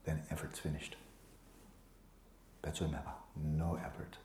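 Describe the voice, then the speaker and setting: A man teaching meditation to a retreat group, relaxed and playful, often sinking into a soft whisper and teasing students by name. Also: rumbling low, a little slow, slight background noise. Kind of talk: dharma talk to a retreat group. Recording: echoey room with faint ambience.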